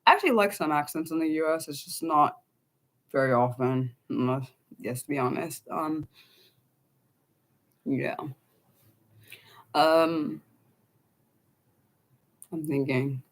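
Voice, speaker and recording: Woman, young adult, livestream host, casual rambling chat, lots of ums and restarts, lowish voice. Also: takes it slowly, pauses often. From United States.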